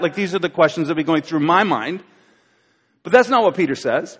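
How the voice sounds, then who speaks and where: A pastor giving a sermon, telling a story and acting out its scenes with voices and asides to the crowd. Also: male voice, fairly high pitch, lively intonation, a little fast, a bit bright, husky. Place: church auditorium. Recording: live church recording with long hall reverb.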